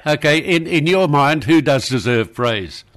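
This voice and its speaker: A man's voice: on the high side, expressive, unhurried, fairly bright tone. An older Australian man hosting talkback radio, blunt and scolding as he argues with a caller.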